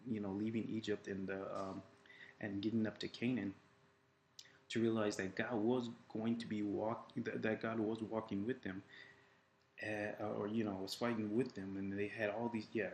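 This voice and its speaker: Casual male faith coach, lowish voice, roomy echo, faint hum behind. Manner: casual, retells scripture with quoted voices; many fillers and restarts. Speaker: life coach. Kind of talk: informal faith teaching. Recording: echoey room with faint ambience.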